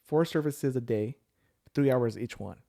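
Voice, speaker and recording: A man's voice: medium pitch, a little slow, gravelly, dark tone. Guy in his 30s rambling through a story, lots of likes and rights. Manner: rambling storyteller with many fillers. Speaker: podcast guest sharing his story. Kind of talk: casual chat.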